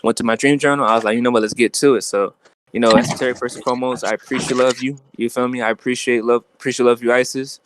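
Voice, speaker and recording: A young man telling a dream story in a casual, slangy, animated way, with lots of fillers. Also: mid-range voice, quick pace, slight background noise.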